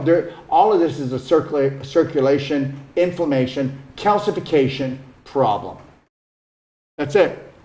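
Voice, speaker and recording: In an echoey room, a man hosting a wellness retreat gives a casual, earnest motivational talk, coaxing his listeners and frequently checking in with "okay?". His voice is mid-range with a darkish tone.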